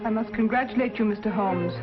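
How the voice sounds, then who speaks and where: A woman's voice: mid-range voice, fast, natural voice. A woman plays a ruthless gang leader with a silky, mocking voice. She speaks over strong film music on a dull old soundtrack. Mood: cold, mocking. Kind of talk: 1940s film acting.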